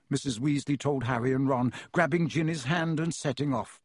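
A male narrator with a slightly husky, fairly high voice reads a storybook in a measured, vivid way. The sound is dry and close, with no room around it. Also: animated, no room sound. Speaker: audiobook narrator.

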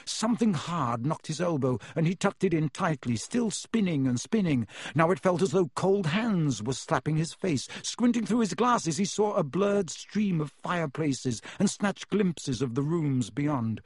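A man reading a storybook aloud as narrator, measured and expressive, on a close studio mic. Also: on the high side, breathy edge, no echo. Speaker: audiobook narrator.

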